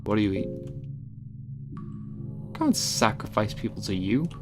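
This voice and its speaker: A man's voice: fairly low pitch, lively intonation, unhurried, over music. A man commentating as he plays a game, reading its text aloud with dry asides and swearing and yelping when startled. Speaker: let's play gamer. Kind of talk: casual gameplay commentary.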